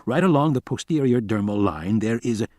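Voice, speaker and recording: A man's voice: mid-range voice, expressive, fairly quick, a little mellow, no room sound, close to an everyday voice. A man doing a curt, impatient scientist who won't be argued with, in a middle-range voice with no room sound at all. He presses every point coldly, like a radio drama read close to the mic. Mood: insistent. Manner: curt and insistent.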